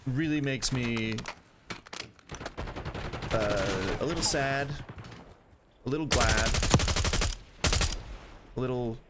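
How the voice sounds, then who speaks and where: A man streaming a shooter game and commenting casually, joking at his own expense with sudden loud exclamations. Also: medium pitch, slow, long pauses, very noisy. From United States. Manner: self-deprecating, joking, animated exclamations. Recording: loud game gunfire behind. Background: loud game gunfire and shooting.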